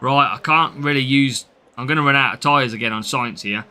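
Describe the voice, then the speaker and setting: Brisk and sharp-toned, this medium-pitched man has the accent of his native English Midlands. He talks his way through a live gaming stream, responding to comments from viewers as the game goes on.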